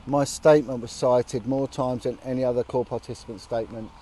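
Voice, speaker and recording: A man sits outdoors on a bench and speaks to camera in an earnest, indignant way, swearing bluntly now and then. His voice is mellow and dark, and faint traffic hum sits behind him. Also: medium pitch, fairly even intonation, fairly quick. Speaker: vlogger on a long charity walk. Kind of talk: casual outdoor chat to camera. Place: outdoors, sitting on a bench by a road.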